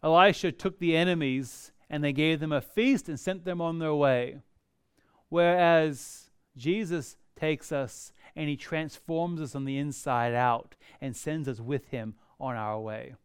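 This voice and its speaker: A man's voice: a little high, clear, resonant tone, no echo, clean studio sound. Man preaching with fervent rising emphasis. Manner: preaching with rising emphatic outbursts and slow drawn-out key phrases. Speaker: pastor. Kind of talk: sermon.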